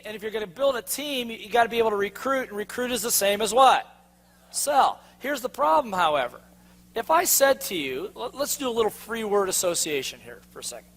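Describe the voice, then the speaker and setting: A man's voice: high voice, a bit bright. A man giving a sales seminar to a live audience, quizzing them with fill-in-the-blank questions. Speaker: sales trainer. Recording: long hall reverb.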